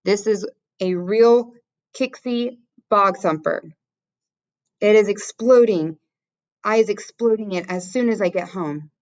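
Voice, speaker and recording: A woman's voice: mid-range voice, a little slow, a little mellow, voice pushed up, lightly acted. A woman voicing a big friendly male giant who talks in garbled grammar and odd invented words. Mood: grim. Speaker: teacher reading aloud.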